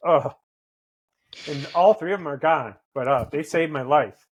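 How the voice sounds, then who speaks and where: A middle-aged man speaking in a fairly high register, swearing freely as he lectures with tough-love bluntness. His delivery is emphatic and preachy, like a recovering addict who has earned the right to call people out. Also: measured pace, breathy edge. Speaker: podcast guest, author in recovery. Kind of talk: blunt conversational storytelling.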